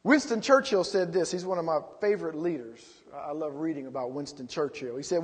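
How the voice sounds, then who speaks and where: A man's voice: on the high side, a little fast, slightly rough, in a large hall. A man preaching a sermon as pastor, rising into emphatic calls to the congregation.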